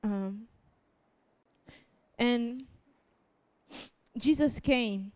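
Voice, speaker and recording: Young woman, fairly high voice, slow and halting, tearful personal testimony from the pulpit. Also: darkish tone. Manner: halting, restarts often, laughs through tears. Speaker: youth preacher. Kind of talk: emotional testimony sermon.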